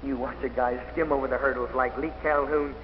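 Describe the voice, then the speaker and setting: A man, an athlete, giving an inspirational speech and telling his stories dramatically, rising to loud excitement and then dropping to a hush. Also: mid-range voice, brisk. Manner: dramatic storytelling, swinging from loud excitement to hushed intensity. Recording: old dull recording in an echoey hall with faint noise.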